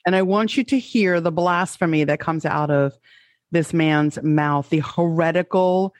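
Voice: medium pitch, measured pace, no echo. Earnest podcast host, dry sound. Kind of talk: commentary.

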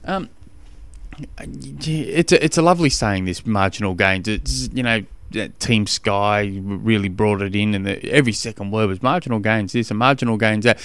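Easygoing Australian man, smooth dry voice. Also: lowish voice, normal speed, fairly bright tone, no echo. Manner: easygoing and chatty, fond of slang. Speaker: podcast host and triathlon coach. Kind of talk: casual podcast monologue.

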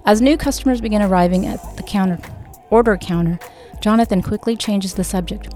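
Mellow-voiced woman reading her novel aloud. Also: mid-range voice, a little fast, few pauses, faint music behind. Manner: reads every character in a near-natural voice with small lifts for dialogue. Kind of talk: audiobook read-aloud narration.

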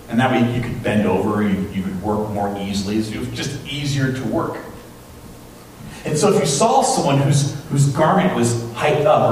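A pastor gives a chatty sermon in a church, telling stories and often checking in with "right?". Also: male voice, mid-range voice, a little mellow. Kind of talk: conversational sermon. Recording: echoey church from a distance, faint hum.

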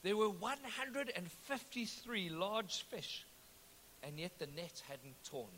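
Male preacher with a high, forceful voice, telling the story with joking asides in a big echoey hall. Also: expressive, takes it slowly, a little hiss or hum. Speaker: pastor. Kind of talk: sermon.

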